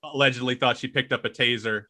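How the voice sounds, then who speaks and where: A man's voice: medium pitch, fairly even intonation, fast talker, sharp tone. A young man co-hosting a podcast, telling a rambling story with frequent laughs and swearing. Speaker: podcast co-host. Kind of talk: casual podcast banter.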